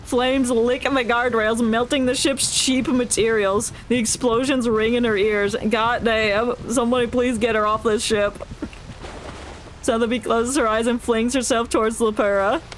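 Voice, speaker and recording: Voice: medium pitch, steady tone, normal speed, a little hiss or hum. A streamer who reads a game's story aloud and breaks in with playful, joking reactions and frequent laughter. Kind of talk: reading game story aloud with live reactions.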